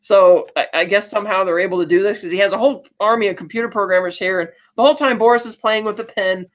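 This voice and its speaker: On a podcast, a co-host with a mid-range voice talks fast while casually recapping a film. They retell scenes with loose asides and act out bits of dialogue, all on dull lo-fi audio.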